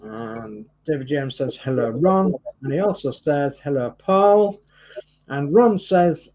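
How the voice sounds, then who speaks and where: A man's voice: on the high side, expressive, a little slow, darkish tone, rough recording. A man co-hosting a live stream, reading out viewers' greetings in a friendly way. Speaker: livestream co-host.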